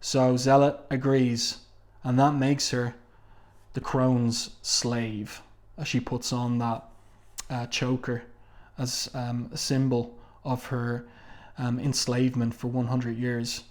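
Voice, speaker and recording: A man's voice: medium pitch, flat delivery, slow pace. A man talking casually through a comic book review, reading quotes from the panels aloud, with frequent fillers and asides.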